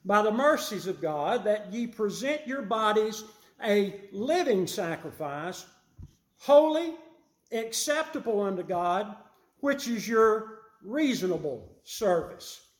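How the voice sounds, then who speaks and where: A man preaching a sermon, emphatic and repeating his key phrases, rising louder on his main points. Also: high voice, sing-song, takes it slowly, reverberant.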